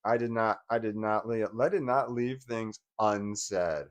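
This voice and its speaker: A man's voice: lowish voice, measured pace. Profane, rambling man venting. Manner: profane, rambling, with frequent restarts and laughs; agitated, venting. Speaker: vlogger. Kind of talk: casual personal monologue.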